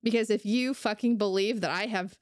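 A woman's voice: medium pitch, a little fast, no echo, clean studio sound. A young woman co-hosting a casual podcast, ranting heatedly and swearing freely. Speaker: podcast co-host.

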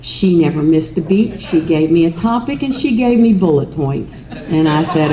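A middle-aged woman with a Kentucky Southern accent tells stories at an event in a chatty, self-mocking way. Her voice is low and mellow. The sound carries the roominess of a hall, with a faint hum of ambience underneath. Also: normal speed. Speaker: speaker at an event. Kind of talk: storytelling speech.

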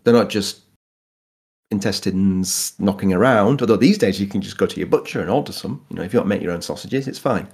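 A man's voice: fairly low pitch, a little fast, a little mellow. A man from Yorkshire with a Yorkshire accent, chatting casually about food history, laughing often and restarting his sentences. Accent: Yorkshire English. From Yorkshire, England. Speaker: guest explaining food history. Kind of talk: casual conversational explanation.

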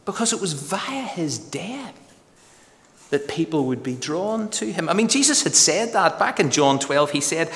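A man preaching a sermon with emphatic delivery, slowing to drawn-out phrases for stress. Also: on the high side, big pitch swings, fairly bright tone, in a large hall. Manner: emphatic, varied pace with slow dramatic pauses.

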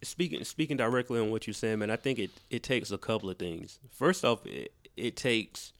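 A man's voice: fairly low pitch, normal speed. A man co-hosting a podcast, making emphatic points in casual chat and repeating them for effect. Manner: emphatic, repeats points, laughs between lines. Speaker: podcast co-host.

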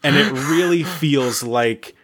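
Podcast guy rambling thru a story, lots of "like", laughs while talking, normal pitch. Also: slow pace, fairly bright tone, slight background noise. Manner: rambling storyteller, full of "like" and restarts, laughing mid-sentence. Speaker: podcast co-host. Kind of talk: casual chat.

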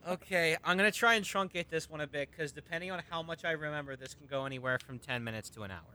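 A man's voice: fairly high pitch, fast, sharp tone. A man telling a long, rambling personal story in a casual chat, full of ums and restarts.

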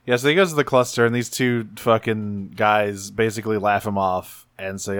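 A man's voice: on the low side, steady tone, normal speed, a bit bright, clean tone, no echo, clean studio sound. A man casually recapping a cartoon episode on a podcast, rambling and swearing as he acts out bits. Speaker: podcast co-host.

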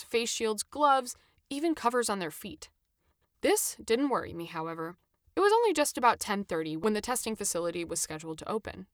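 A woman narrating a first-person story in an expressive, animated reading, her pitch rising and falling freely. The sound is dry and close, with no room echo.

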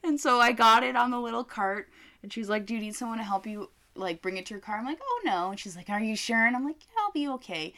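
A woman's voice: on the high side, fast talker. A woman co-hosting a casual chat, telling a story with lots of swearing and acted-out quotes. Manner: animated storyteller, swears freely, acts out quotes. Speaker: co-host.

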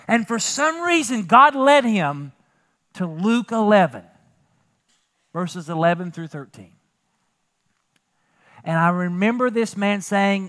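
A male pastor preaching a sermon in a church, moving from quiet storytelling to loud emphatic preaching. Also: high voice, expressive, slow, pauses often. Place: church sanctuary.

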